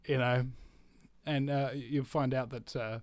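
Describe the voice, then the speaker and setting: A man with a New Zealand accent hosting his own show, talking in a rambling monologue with restarts, swinging from loud outbursts to low mutters. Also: fairly even intonation, a little slow, no echo. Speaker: talk show host. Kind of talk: animated monologue.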